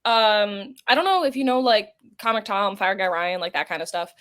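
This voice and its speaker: A woman's voice: mid-range voice, moderate pace, a bit bright, smooth. A woman guest on a podcast, chatting casually and telling long rambling stories full of fillers. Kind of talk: casual interview chat.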